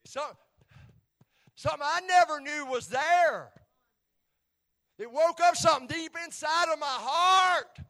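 A middle-aged man preaches in a strikingly high voice, telling his testimony with animation. He goes slowly and pauses often, dropping to near whispers before rising to shouts and repeating phrases for emphasis.

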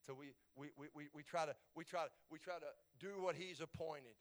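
A man preaching a sermon as a pastor in a nearly empty church, stammering through repeats as he swings between soft pleading and loud, fervent declarations. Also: on the high side, normal speed. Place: church sanctuary, mostly empty.

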